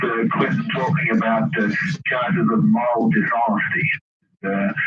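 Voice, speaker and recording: A man's voice: fairly low pitch, dull audio, heavy background noise. A man appearing as a radio show guest, eagerly explaining, often restarting with fillers. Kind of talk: explaining on-air chat.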